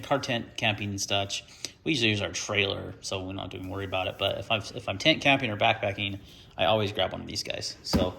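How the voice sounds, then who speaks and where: A man's voice: on the low side, gravelly, pushed and bright, slight background noise. A man hosting an unboxing video, talking casually and ranting in frustration about the gear.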